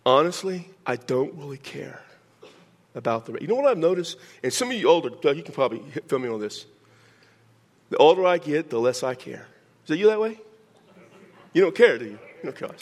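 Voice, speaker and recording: A man's voice: medium pitch, gravelly. An older man preaching a sermon, teaching verse by verse with joking asides to his congregation. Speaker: pastor.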